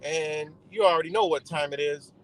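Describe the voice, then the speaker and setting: A man telling a casual, profane, animated story while driving. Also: a little high, brisk. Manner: profane, animated, acts out the other people's lines.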